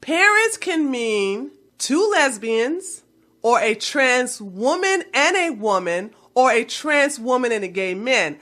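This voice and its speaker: Woman, vlogger, high voice, heated profane rant, blunt. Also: bright, forceful tone. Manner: blunt, heated, heavy swearing. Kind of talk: profane ranting commentary.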